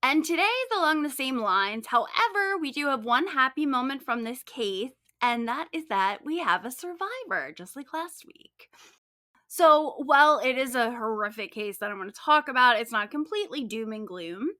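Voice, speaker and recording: A woman's voice: high voice, sing-song, moderate pace, pushed and bright, no echo, clean studio sound. A woman co-hosting a true-crime podcast, telling the case in upbeat, chatty style with casual swearing. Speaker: podcast co-host and case writer.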